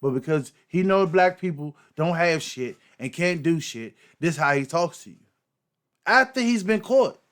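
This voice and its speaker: A man's voice: fairly high pitch, normal speed, few pauses. A man hosting a reaction commentary, talking emphatically with frequent repeats, fillers and swearing. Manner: emphatic, repetitive, profane, fillers. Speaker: host.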